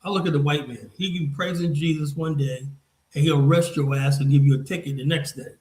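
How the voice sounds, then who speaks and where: A man's voice: fairly high pitch, fairly even intonation, quick pace, darkish tone, echoey room, poor audio. A man hosting a podcast, talking bluntly and profanely in a heated casual discussion. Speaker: podcast host.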